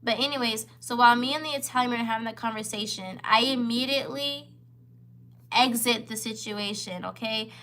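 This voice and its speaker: A woman's voice: a little high, fairly quick, bright, forceful tone. A woman in her twenties telling a story in a casual vlog. She talks candidly and straight to her viewers, and she often repeats her phrases. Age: 20s. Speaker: vlogger.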